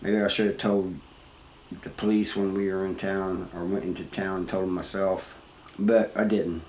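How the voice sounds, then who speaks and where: A man telling his own story in a plain, halting way, full of restarts and "you know.". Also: sits low, flat delivery, a little mellow. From Missouri, US. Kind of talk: first-person storytelling. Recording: roomy, with faint background noise.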